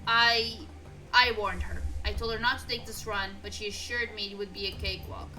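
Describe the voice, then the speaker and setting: A woman reading the lines of a weary, grieving older male fixer from a game aloud, in a measured, tired way. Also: medium pitch, steady tone, bright, forceful tone, soft background music, lightly acted, rough recording.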